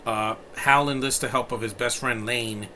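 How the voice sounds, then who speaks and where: Man, thirties, film reviewer, profane, rambling, bright forceful voice, faint hiss behind. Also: mid-range voice, fairly even intonation, moderate pace. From New York City. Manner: blunt and profane, rambling with many fillers. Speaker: movie reviewer. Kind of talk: casual spoken film review.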